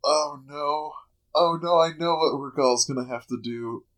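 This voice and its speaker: A man's voice: fairly high pitch, a little slow, fairly bright tone. Casual, profane player, jokey man, stumbling through his plans. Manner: joking, swearing, stumbling over words. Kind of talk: casual tabletop role-play.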